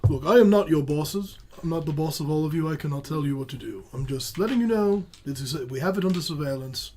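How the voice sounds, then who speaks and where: An older woman narrating as game master in a tabletop game, speaking in a measured, explanatory way and laughing easily. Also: low voice, expressive, dark tone, a little hiss or hum.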